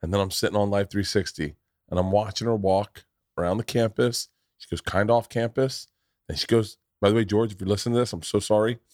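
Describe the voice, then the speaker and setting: A middle-aged man hosting a podcast, telling stories in casual chat with a lot of swearing and animated delivery. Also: lowish voice, fairly quick, dry recording, clean studio sound. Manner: profane, animated storyteller. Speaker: podcast host.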